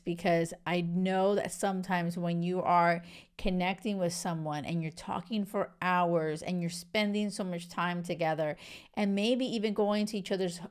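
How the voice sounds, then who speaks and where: A woman hosting a podcast, giving casual relationship advice in a chatty, animated way with lots of "like" and "right?". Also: mid-range voice, clean tone. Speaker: podcast host.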